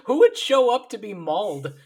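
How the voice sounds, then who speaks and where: A man co-hosting a casual podcast, full of joking reactions. His pitch jumps up and down a lot as he riffs. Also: very animated, normal speed, vocal fry, darkish tone. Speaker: podcast co-host. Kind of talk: casual chat.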